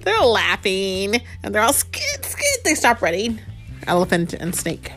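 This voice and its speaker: A woman reads a picture book aloud to a child and keeps asking questions as she goes. Her voice is lively and swooping and her pace unhurried. Soft music plays faintly behind her. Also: medium pitch. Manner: animated, asks the child many questions. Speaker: reader to a child.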